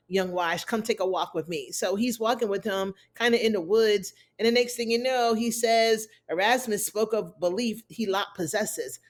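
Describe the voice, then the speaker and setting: A woman hosting a casual recap, chatting about scenes and acting out the lines. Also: mid-range voice. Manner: chatty, retells scenes with acted quotes. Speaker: TV recap host.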